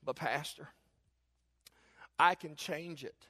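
A middle-aged man preaching a sermon as a pastor, telling jokes and stories in an animated way. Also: on the high side, slow pace. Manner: animated, joking storyteller. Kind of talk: humorous sermon.

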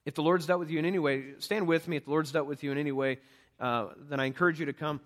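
Guy preaching at church, pleading and earnest, kinda high-pitched, repeats words a lot. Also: steady tone, fast talker. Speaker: pastor. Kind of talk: sermon with altar call.

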